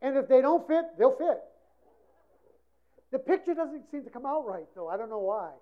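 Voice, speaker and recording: A woman preaching a sermon with passion, swinging between loud emphasis and hushed passages. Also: high-pitched, sing-song, normal speed. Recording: dull lo-fi recording.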